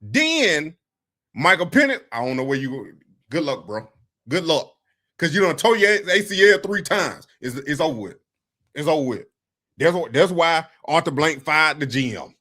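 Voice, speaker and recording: Male sports ranter, high bright voice, informal and insistent. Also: very animated, moderate pace. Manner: emphatic, informal, talks straight at the listener. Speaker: football commentator. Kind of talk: casual sports rant.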